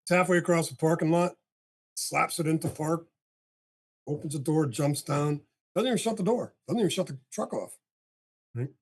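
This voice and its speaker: An older man, a podcast guest, telling a long story in casual talk and acting out the dialogue with a husky voice. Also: on the high side, moderate pace, pauses often. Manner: animated storyteller, acts out dialogue, swears casually.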